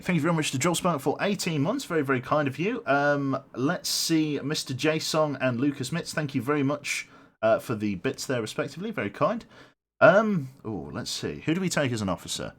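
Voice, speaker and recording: A man's voice: a little high, expressive, moderate pace, fairly bright tone, husky. A man casually chatting through a live game stream, rambling, swearing freely and thanking his viewers as he plays.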